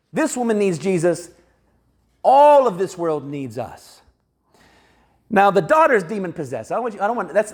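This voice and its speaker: A man preaching a sermon in a church, talking in a conversational, animated way and acting out the people he quotes. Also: high-pitched. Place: church sanctuary.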